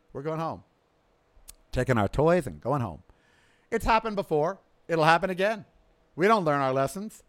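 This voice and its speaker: A man hosting his podcast, delivering a sarcastic, ranting political monologue that swings from loud outbursts to low mutters. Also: clear, resonant tone. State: coughing from smoke in throat. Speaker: podcast host. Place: outdoors.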